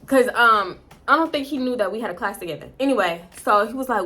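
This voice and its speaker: Bright, blunt young woman telling a story. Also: on the high side, quick pace, few pauses. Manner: blunt and profane, animated, addresses viewers as y'all. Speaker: storytime vlogger. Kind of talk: casual storytelling to viewers.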